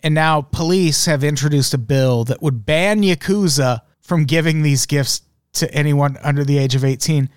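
A man's voice: fairly high pitch, moderate pace, few pauses, smooth, dry recording, clean studio sound. A man hosting a podcast, riffing sarcastically on the news with plenty of swearing and laughter. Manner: profane, sarcastic, laughing often. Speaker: podcast host. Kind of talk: casual comedic news chat.

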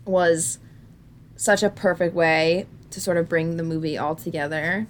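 A woman's voice: lowish voice, little pitch movement, measured pace. A woman co-hosting a podcast, chatting candidly and jokingly about a film and laughing often. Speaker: podcast co-host.

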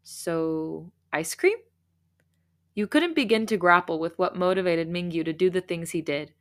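A woman podcast host reads fan fiction aloud in a slightly low voice. Her narration is steady and clear, and she breaks into animated, laughing asides. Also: a little fast.

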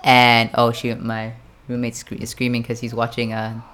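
A man's voice: medium pitch, monotone, moderate pace, bright, forceful tone, clear, resonant tone. A young man from Japan telling a rambling party story in casual chat, packed with "like" and "right?" and the odd curse. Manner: rambling, filler-heavy, sprinkled with swearing.

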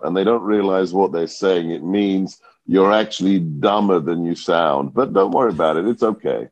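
Man, British accent, very deep voice, dry close sound, confident, wry. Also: moderate pace, few pauses, no echo, rough recording. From Britain. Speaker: radio host and analyst guest. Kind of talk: talk radio interview.

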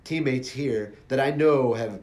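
Relaxed male podcast host. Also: mid-range voice, a little slow. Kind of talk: casual interview chat.

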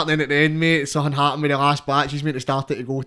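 A man's voice: mid-range voice, steady tone, fast talker, few pauses, bright, forceful tone, smooth. A young man with a Scottish accent, a podcast guest chatting casually in a rambling, sweary way. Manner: rambling and sweary, constant filler phrases. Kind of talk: casual chat.

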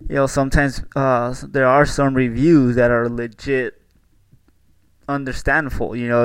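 A man at an ordinary middle pitch holds forth in a loose, exasperated podcast rant. He swears constantly and hedges with fillers. The sound is dry and close, with no room around it. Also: little pitch movement, moderate pace, clean tone, dry recording, poor audio. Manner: profane, exasperated, lots of fillers. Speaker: podcast host. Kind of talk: casual rant.

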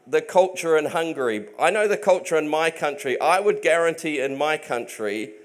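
A man's voice: a little high, normal speed. A man preaching a sermon in an earnest, emphatic way, often restarting his sentences.

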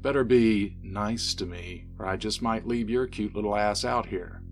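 A man's voice: lowish voice, steady tone, moderate pace, faint music behind, close to an everyday voice. A man voicing a swaggering, teasing young man, the sheriff's son, in a spoken story. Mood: threatening.

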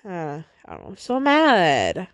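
A woman's voice: lowish voice, wildly swooping pitch, measured pace, no room sound, studio quality. A young woman hosting a solo podcast, venting in a rambling, frustrated way, swearing and often breaking off mid-sentence. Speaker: podcast host.

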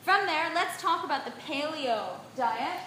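A woman giving an animated lecture on diet to a live audience, often checking in with a quick "right?". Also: high voice, soft background music. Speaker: nutrition speaker. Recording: very echoey room, faint background noise.

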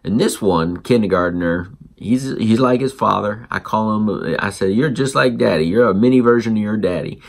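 A man hosting a parenting show, telling a story and acting out the dialogue in an animated way. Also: lowish voice, moderate pace, vocal fry, hardly any pauses. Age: adult parent. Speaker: podcast host. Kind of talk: storytelling monologue.

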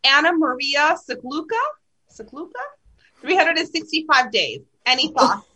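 A woman co-hosting a casual group chat about movies, animated and reading out nominee lists. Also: high voice, normal speed, rough recording. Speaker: podcast co-host.

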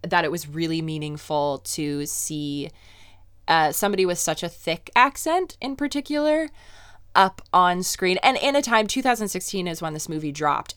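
A woman's voice: low-pitched, fairly bright tone, smooth, no room sound. A young adult woman co-hosting a podcast, chatting casually with enthusiastic, giggly asides. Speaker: podcast co-host. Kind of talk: casual chat.

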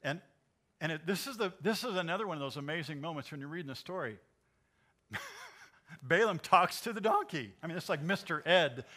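An older man preaching a sermon, retelling a Bible story in an animated way and chuckling often. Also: fairly high pitch, a little fast, long pauses. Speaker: pastor.

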